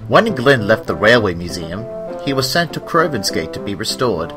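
A man narrating a children's train story in a measured, expressive storybook style. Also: fairly low pitch, over music.

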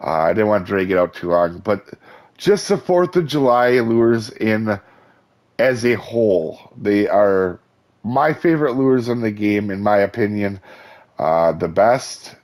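A man with a hoarse, fading voice hosting a casual game guide, chatty and enthusiastic, with many fillers and restarts. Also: lowish voice, unhurried, darkish tone. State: hoarse, losing his voice. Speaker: gaming channel host.

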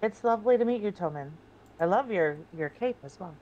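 A woman plays her character in a tabletop game, courteous and quick to apologize. Her voice sits mid-range and comes through a dull, lo-fi microphone. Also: mid-range voice, animated, warm tone, a little hiss or hum. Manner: polite, apologetic. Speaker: player.

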